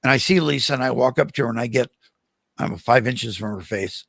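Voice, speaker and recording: Gravelly older man telling stories. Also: medium pitch, brisk, no echo. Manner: animated anecdotes with acted-out quotes. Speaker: guest. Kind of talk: casual storytelling interview.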